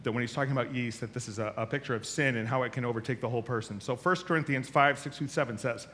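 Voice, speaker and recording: Animated male pastor preaching. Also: medium pitch, quick pace, a little hiss or hum. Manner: animated storytelling, acts out voices. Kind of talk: sermon.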